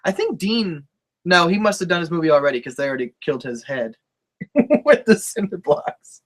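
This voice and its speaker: A man's voice: fairly high pitch, expressive, moderate pace. A man co-hosting a live show, chatting casually with a lot of swearing and laughter. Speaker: co-host of a live wrestling talk show. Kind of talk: casual profane chat.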